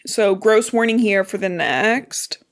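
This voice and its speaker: A woman's voice: mid-range voice, lively intonation, slow pace. A woman podcast co-host casually retelling a novel's plot, swearing and laughing as she acts out the characters' lines. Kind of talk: casual recap chat.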